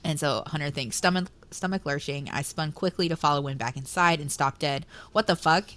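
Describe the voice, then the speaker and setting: A woman's voice: deep voice, brisk, a bit bright. A woman co-hosting a book podcast in casual chat, laughing often and reading quotes aloud. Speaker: podcast co-host.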